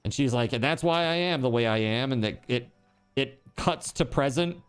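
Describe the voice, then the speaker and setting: A man's voice: medium pitch, moderate pace, smooth, soft background music. A man streaming live, chatting casually, rambling and joking, with swearing.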